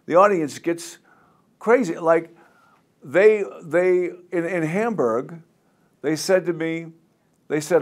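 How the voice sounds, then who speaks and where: A man in his seventies, a singer telling stories in a casual interview, rambling and animated, mimicking crowd chants. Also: fairly high pitch, slow, long pauses. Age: 70s.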